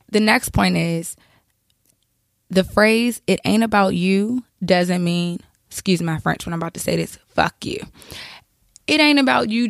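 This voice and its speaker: A woman's voice: medium pitch, vocal fry, no echo, clean studio sound. A woman podcast host with a cold, giving casual, chatty advice full of fillers and asides. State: has a cold.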